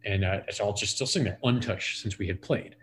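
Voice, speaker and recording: A man's voice: lowish voice, fairly quick, a bit bright, slight background noise. A man in his forties, a podcast guest, telling a profane, rambling story full of "like" fillers. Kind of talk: casual storytelling.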